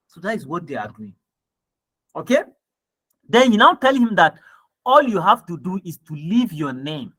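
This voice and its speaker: Nigerian guy walking through ad copy, bright lively voice, keeps asking "right?". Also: high voice. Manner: reads quoted copy aloud, then explains it with frequent "right?" and "okay?". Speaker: copywriting teacher. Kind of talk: screen-share lesson reviewing ad copy.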